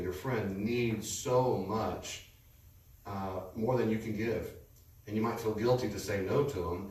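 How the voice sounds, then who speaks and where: Lecturing man, echoey room from afar. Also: lowish voice. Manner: lively storytelling, lecturing. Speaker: speaker teaching a class. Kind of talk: conversational teaching talk. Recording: echoey room, distant mic, faint noise.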